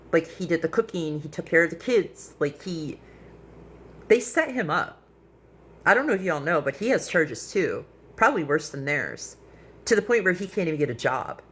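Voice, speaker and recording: A middle-aged woman, an activist, telling her own experience in a frank, animated way on a casual live stream. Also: low-pitched. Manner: animated, quotes people in lively voices; frank and blunt.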